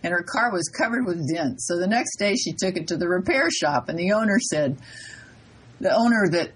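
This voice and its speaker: A woman co-hosting a radio health show, telling jokes with lively delivery and brief character voices. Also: on the low side, normal speed, breathy edge, low-quality recording. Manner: animated joke telling, voices the characters' lines. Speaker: co-host nurse.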